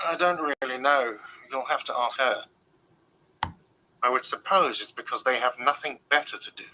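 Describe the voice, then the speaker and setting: A man's voice: medium pitch, normal speed, background noise, lightly acted. A man playing a grumpy hostel manager. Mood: grumbling. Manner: irritable, defensive, curt. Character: grumpy middle-aged male hostel manager. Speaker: game character.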